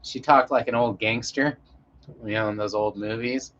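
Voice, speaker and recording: A man's voice: medium pitch, steady tone, moderate pace, fairly bright tone, lo-fi sound, a little hiss or hum. A man chatting casually on a live stream, rambling and swearing in an easygoing way.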